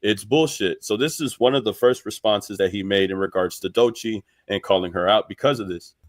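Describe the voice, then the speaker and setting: A man's voice: fairly low pitch, a little fast. A man casually recapping a story for viewers, slangy and conversational. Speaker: commentary host. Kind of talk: casual explanatory commentary.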